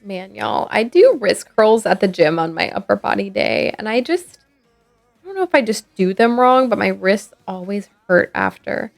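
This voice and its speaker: Tired lady streamer rambling along, lots of uhs, mid pitch, kinda gravelly. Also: expressive, moderate pace. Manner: rambling, many fillers and restarts. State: sleepy. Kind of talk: casual gameplay chat. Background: faint game music.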